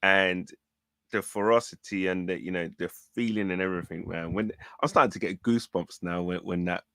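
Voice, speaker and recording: A man chatting casually about a match, animated and often repeating his words. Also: sits low, brisk, smooth, no echo. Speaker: football fan show co-host. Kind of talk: casual match reaction chat.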